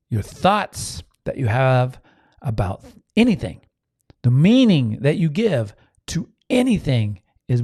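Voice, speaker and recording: This self-help speaker hosts a motivational podcast in a dark-toned voice that sits on the high side. Earnest in delivery, he frequently restarts, turns aside to speak to his audience, and occasionally voices inner thoughts aloud as characters. The sound is clean studio audio with no echo.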